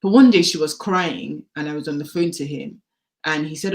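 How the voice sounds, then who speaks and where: A woman telling her personal story as a podcast guest, candid and animated, acting out the dialogue she recalls. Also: low voice, a little fast. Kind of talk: personal testimony in a podcast interview.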